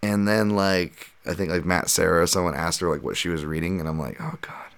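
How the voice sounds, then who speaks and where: A man's voice: low voice, fairly even intonation, a little fast, creaky, a bit bright, clean tone. A man in his thirties hosting a solo podcast, talking casually in a profane, rambling, ranting way. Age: 30s. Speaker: podcast host and fight analyst.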